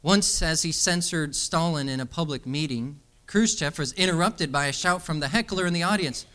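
A man's voice: a little high, moderate pace. A young adult man preaching a sermon. He tells stories and then builds to emphatic calls to stand up for what is right. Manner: storytelling, animated, emphatic exhortation.

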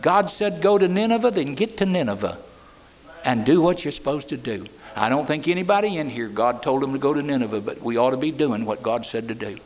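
A man preaching a sermon, swinging between loud cries and hushed, soft words. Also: medium pitch, animated, a little fast.

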